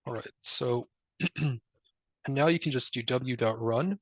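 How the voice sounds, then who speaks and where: A man presenting a live software demo, explaining step by step in a relaxed way with many fillers. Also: mid-range voice, measured pace, no room sound, highs cut off. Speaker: presenter demoing a tool.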